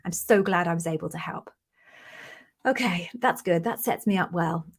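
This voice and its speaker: A woman's voice: lowish voice, moderate pace, breathy edge. Effusive British woman hosting a live Q&A. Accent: British English. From Britain. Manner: chatty and effusive, greets viewers by name. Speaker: host, interview coach. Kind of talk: live-stream Q&A.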